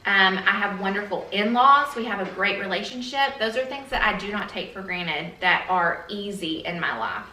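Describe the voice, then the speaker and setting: A woman's voice: mid-range voice, expressive, normal speed, hardly any pauses, sharp tone, distant mic, slight background noise. Earnest woman vlogging in an echoey room. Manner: earnest, rambling with fillers. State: a little emotional. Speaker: beauty vlogger. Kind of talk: casual chat to camera.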